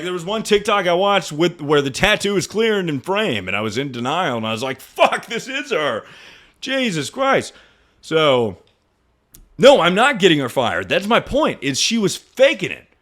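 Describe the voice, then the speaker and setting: Animated young man ranting to his stream. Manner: animated, incredulous, swears freely, jumps to high pitch when mocking. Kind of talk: casual storytelling to stream chat.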